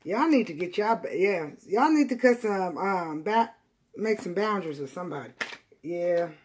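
A woman reading tarot cards for her viewers, blunt and profane, repeating lines for emphasis and swinging between loud outbursts and quiet, emotional asides. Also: lowish voice, animated, normal speed, a little hiss or hum. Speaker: tarot reader.

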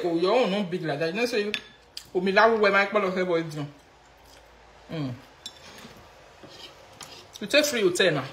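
A woman's voice: medium pitch, reverberant, slight background noise. A Nigerian woman ranting casually on a live video in mixed Pidgin and local languages. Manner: mixes Pidgin and local languages, mocking, animated. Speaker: social media commentator.

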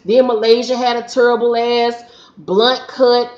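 A woman's voice: on the high side, flat delivery, unhurried, darkish tone. Woman, vlogger, sassy, blunt, profane, casual recap, echoey room, muffled lo-fi sound. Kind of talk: casual, opinionated episode recap. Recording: roomy, dull lo-fi recording.

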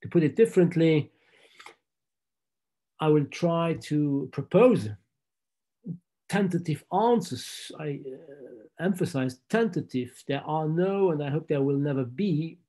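A middle-aged man with a French accent giving a university lecture, measured and halting, with frequent fillers and restarts. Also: a little high, dark tone. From France. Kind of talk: academic lecture.

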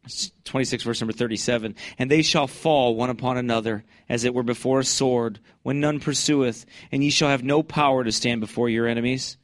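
Fiery man preaching, mid-pitched, bursts loud on scripture, dry close sound. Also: fairly even intonation, brisk, few pauses, no room sound. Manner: fervent, swings to loud high-pitched bursts when reading scripture. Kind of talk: fiery Baptist sermon.

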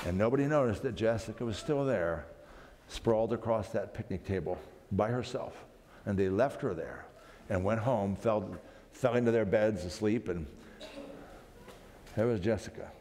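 Guy telling a dramatic story at camp meeting, kinda low voice, keeps restarting lines, big hall echo. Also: normal speed, long pauses, darkish tone. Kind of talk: storytelling for family worship. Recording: long hall reverb, faint background noise.

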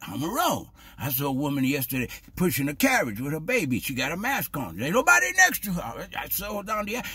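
A man with a very husky, worn voice gives a casual, preachy monologue to his viewers. His pitch sits fairly high and leaps around wildly. He keeps stumbling over repeated words in loose street-style grammar. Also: huge pitch swings, fairly quick, bright, forceful tone, no room sound. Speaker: vlogger.

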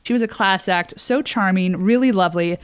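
A woman's voice: mid-range voice, a little fast, clean tone, no echo. A woman co-hosting a podcast, chatting enthusiastically and telling stories. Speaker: podcast co-host. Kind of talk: casual podcast chat.

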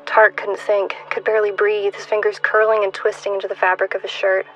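A woman in her twenties reading her own fiction aloud in a measured, hushed way, at times dropping to a whisper. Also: mid-range voice, little pitch movement, highs cut off, faint music behind. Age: 20s. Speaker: author.

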